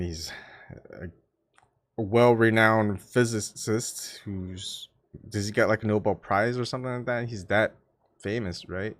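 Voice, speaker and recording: A man's voice: medium pitch, no room sound, studio quality. Rambling man chatting on a live stream. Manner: rambling, self-mocking, with many fillers and restarts. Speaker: YouTube channel host. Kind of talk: casual live-stream chat.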